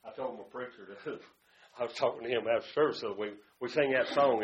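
A man preaching a sermon, his delivery swinging between loud, fervent outbursts and hushed asides. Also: mid-range voice, quick pace, roomy sound. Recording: dull lo-fi sound.

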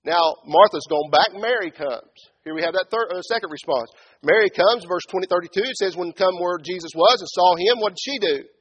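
A man preaching a sermon in a church, shifting between loud, shouted build-ups and quiet low asides, and acting out Bible figures in mocking voices. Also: brisk, husky, muffled recording. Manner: acts out biblical speakers in mocking tones.

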